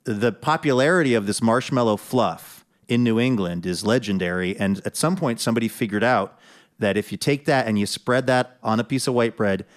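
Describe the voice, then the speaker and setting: A man from the US Northwest hosting a radio show, chatty and quick to laugh. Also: fairly low pitch. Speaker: host.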